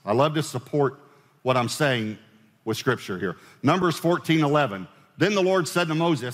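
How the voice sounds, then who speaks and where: A man's voice: fairly high pitch, expressive, normal speed. Man preaching in a reverberant hall. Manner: conversational preaching with direct questions to the congregation. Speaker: pastor. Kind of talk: sermon.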